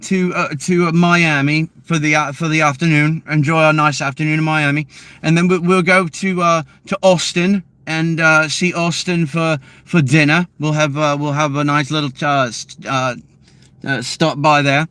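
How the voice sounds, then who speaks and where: A man's voice: fairly high pitch, fairly even intonation, sharp tone, clean tone, no echo. A man putting on a naive male British tourist who plans an impossible road trip and halts on uh after uh. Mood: cheerful. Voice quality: hesitant, halting, full of uhs.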